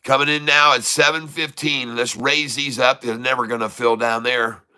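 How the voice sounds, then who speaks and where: Bright, hyped-up male day trader. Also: medium pitch, fairly even intonation, clean tone. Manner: showman hype, drawn-out exclamations, repeats prices. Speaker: day trader streaming live. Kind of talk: live trading commentary.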